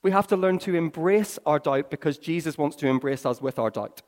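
A man preaching a sermon, telling stories with swings from hushed to excited. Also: on the high side, fairly quick. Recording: long reverb of a large hall.

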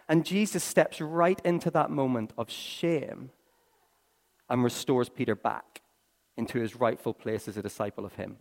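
A man preaching a sermon, telling stories with swings from hushed to excited. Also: medium pitch, normal speed. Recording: long reverb of a large hall.

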